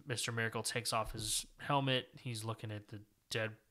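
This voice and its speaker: A man co-hosting a podcast, giving a casual, lively recap of a comic book story with plenty of filler words. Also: on the low side, normal speed. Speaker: podcast co-host.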